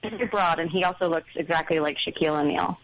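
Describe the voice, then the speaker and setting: A woman's voice: low-pitched, steady tone, quick pace, dry recording, low-quality recording. A middle-aged woman calling in to a show, telling a story casually with many ums and self-doubt. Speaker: caller. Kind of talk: casual phone call story.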